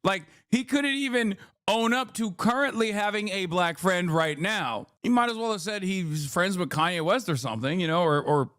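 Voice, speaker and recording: A man on a live stream tears into an interview clip with sarcastic, ranting commentary. His voice sits a bit high. The sound is dry and close, with no room around it. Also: normal speed, a bit bright, no room sound.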